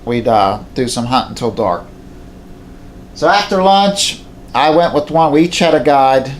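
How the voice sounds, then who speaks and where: A man's voice: mid-range voice, lively intonation, measured pace, a little hiss or hum. Folksy man telling a hunting story. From southwestern Pennsylvania. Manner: plainspoken, folksy, repeats himself. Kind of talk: casual storytelling to camera. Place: indoors at home beside a mounted moose.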